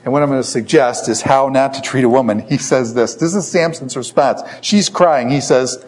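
A male preacher giving an animated, conversational sermon, asking the audience questions and joking about himself. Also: mid-range voice, normal speed, few pauses. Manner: self-deprecating humor.

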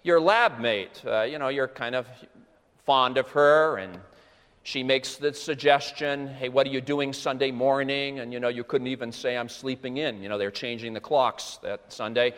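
A man's voice: mid-range voice, normal speed, smooth. Man preaching in an echoing church. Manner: conversational, animated storytelling with asides. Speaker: pastor. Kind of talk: sermon. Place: church sanctuary. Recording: long reverb of a church hall.

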